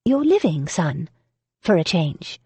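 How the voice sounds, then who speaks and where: A woman's voice: on the low side, big pitch swings, slow pace, breathy edge, no room sound, heavily acted. A woman voicing a composed, defiant young heroine who speaks coolly and firmly. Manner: cool and firm, gentle.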